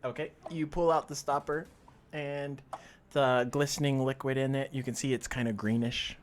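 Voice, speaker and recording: A man running a tabletop game as dungeon master, playful and quick to laugh. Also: medium pitch. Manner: laughs often, lively and playful.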